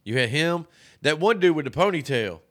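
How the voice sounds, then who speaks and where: Slightly high-voiced man in cursing movie banter. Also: animated, brisk. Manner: profane, rambling, joking. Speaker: podcast co-host. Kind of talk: casual movie review banter.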